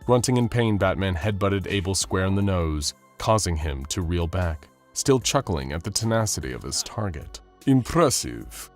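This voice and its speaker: A man narrating a scripted action story in a steady, dramatic storytelling manner. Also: deep voice, normal speed, hardly any pauses, soft background music.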